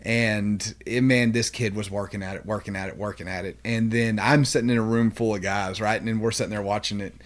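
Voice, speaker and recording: A man's voice: fairly low pitch, steady tone, a little fast, hardly any pauses. Podcast host, male, 40s; candid storyteller, loose and rambling. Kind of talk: casual chat.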